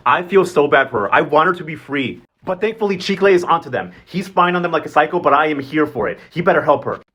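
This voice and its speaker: Fast, high-ish male vlogger, sassy and animated, casual recap. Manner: sassy and animated, full of slang and asides.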